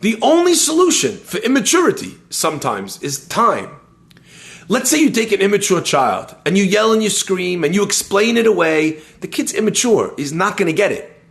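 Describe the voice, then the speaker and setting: A man teaching a lively Torah lesson, telling stories and using Hebrew terms. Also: high-pitched, moderate pace. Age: adult, schooled in yeshiva. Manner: animated storyteller, uses Hebrew terms.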